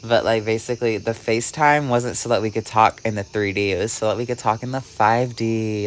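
A man vlogging, telling a rambling story with "like" in almost every phrase and swinging between hushed and excited delivery. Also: lowish voice, fairly quick, few pauses, background noise. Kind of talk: casual storytelling vlog.

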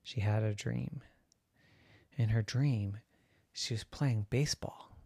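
A storyteller narrating a children's story with a gentle, expressive delivery. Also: medium pitch, takes it slowly, creaky, no room sound, clean studio sound.

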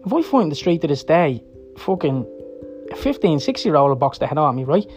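A man in his thirties tells his own story in a frank, rambling way, swearing freely and checking in with his listener. His voice sits a little high for a man. Soft guitar music plays quietly underneath. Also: sing-song, brisk. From Ireland. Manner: candid, rambling and profane, with frequent "yeah?" and "right?". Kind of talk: personal storytelling talk.

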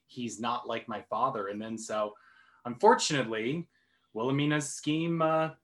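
A man's voice: mid-range voice, normal speed, fairly bright tone. A man co-hosting a podcast, recapping an episode with casual enthusiasm. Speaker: podcast co-host. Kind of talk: casual chat.

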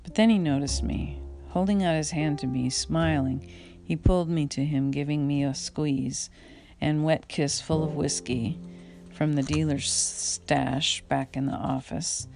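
A woman reading her memoir aloud in an unhurried, reflective way, now and then stopping to correct a slip. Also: deep voice, steady tone, gravelly, darkish tone, faint music behind. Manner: unhurried, reflective, with occasional slips and rereads. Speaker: memoir reader.

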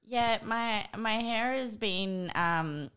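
A woman's voice: on the high side, slow pace, a bit bright, smooth. A woman as a podcast guest in casual chat, talkative and laughing at herself. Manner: chatty, self-mocking, laughs while talking.

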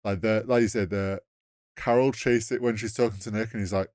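A man's voice: lowish voice, fairly even intonation, a little fast, a little mellow, no echo, clean studio sound. A man co-hosting a podcast, casually retelling film scenes with acted-out lines and laughs. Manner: rambling, acts out scenes with quoted lines, laughs often. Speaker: podcast co-host. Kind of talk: casual film review chat.

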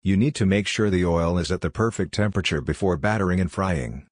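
Man playing a talking rice cooker, teasing, dry-witted, deep voice, storybook reading. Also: brisk, darkish tone, no room sound. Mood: chiding. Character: sardonic talking rice cooker, seven years old.

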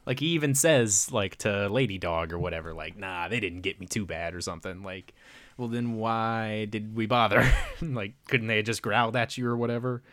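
Low-voiced man recapping a movie. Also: fairly bright tone, dry recording. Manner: rambling, filler-heavy retelling with quick voiced quotes. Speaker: podcast co-host. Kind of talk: casual movie recap chat.

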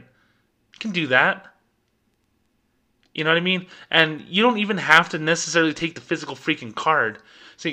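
A man's voice: on the high side, brisk, sharp tone. A man hosting a podcast, ranting in exasperated commentary and acting out bosses and customers as he goes. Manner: exasperated, acts out bosses and customers mid-rant. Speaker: podcast host.

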